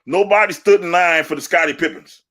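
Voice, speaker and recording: A man co-hosting a sports podcast, talking in animated, laughing banter and trash talk. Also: on the high side, a little fast. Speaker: podcast co-host.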